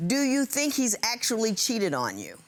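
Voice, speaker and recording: A middle-aged American woman presiding as a TV judge, animated and teasing in her questions. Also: fairly high pitch, normal speed. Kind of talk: courtroom TV show.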